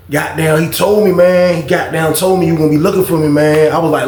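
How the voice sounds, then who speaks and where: A man with a gravelly, fry-heavy voice that sits a bit high, telling his story in an animated, profane way. He acts out every part of the conversation himself. The sound rings in an echoey room. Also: quick pace, few pauses, a little hiss or hum. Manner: animated, profane, acts out both sides of dialogue. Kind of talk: casual storytime vlog.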